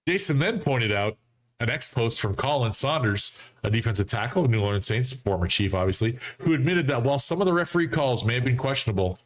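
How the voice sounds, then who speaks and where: Chatty man hosting a fan football show. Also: medium pitch. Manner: animated, mocking asides, acts out quoted friends. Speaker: sports fan show host. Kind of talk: casual football chat to a live audience. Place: home studio setup.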